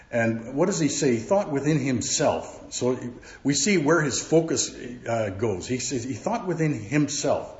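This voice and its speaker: A man teaching verse by verse from the Bible, halting often with fillers and repeated words. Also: medium pitch, slight background noise. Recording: roomy, dull recording.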